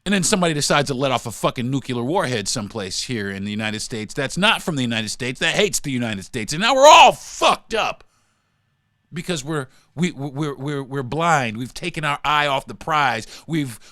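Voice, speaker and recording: A man hosting a podcast, delivering a heated, profane rant that swings between loud outbursts and low muttering. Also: no room sound, studio quality. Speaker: podcast host. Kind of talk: profane ranting monologue.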